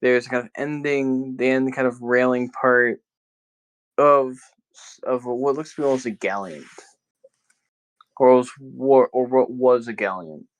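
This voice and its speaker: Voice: medium pitch, fairly even intonation, a little slow, poor audio. A game master narrating a tabletop game in a casual way, with loose phrasing and lots of fillers.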